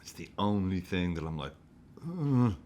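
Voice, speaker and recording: A man reviewing a football match, excitable and sweary, often breaking into laughter as he gushes. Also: low voice, moderate pace. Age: adult with a young daughter. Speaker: football fan vlogger.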